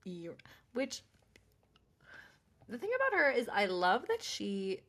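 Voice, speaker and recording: A woman co-hosting a podcast, chatting casually and recapping episodes with lively quoted voices. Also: mid-range voice, slow pace. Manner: animated, quotes characters in snappy voices. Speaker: podcast co-host.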